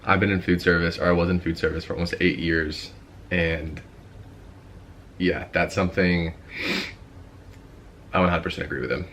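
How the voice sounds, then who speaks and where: A man's voice: low-pitched, level tone, normal speed, long pauses, a bit bright, a little hiss or hum. A young man hosting a reaction video, talking in a chatty, rambling way with lots of fillers. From United States. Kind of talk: casual commentary.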